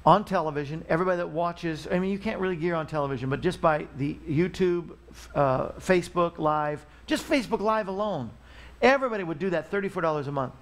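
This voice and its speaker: Chatty higher-voiced male talk show host. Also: fast. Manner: chatty, rambling, pleading for donations. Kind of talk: casual live talk show chat. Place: Missouri studio.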